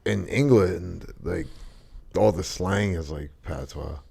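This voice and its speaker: A man with a low, deep voice hosts a podcast and keeps the talk loose and joking. He swears freely and drifts from topic to topic in easy casual chat. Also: takes it slowly, vocal fry, darkish tone, husky. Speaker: podcast host.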